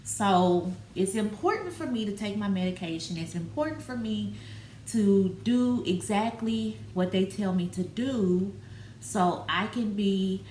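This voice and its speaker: A woman talking candidly in a personal vlog, halting and open, with many fillers. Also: medium pitch, darkish tone. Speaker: vlogger. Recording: roomy with faint background noise.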